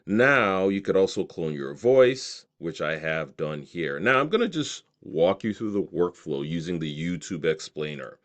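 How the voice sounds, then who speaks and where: A man's voice: deep voice, sing-song, a little slow, hardly any pauses, a bit bright. A man walking through a video tool on screen, reading out its options with enthusiasm. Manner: enthusiastic, reads options aloud. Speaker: software tutorial presenter. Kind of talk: screen-recorded software walkthrough.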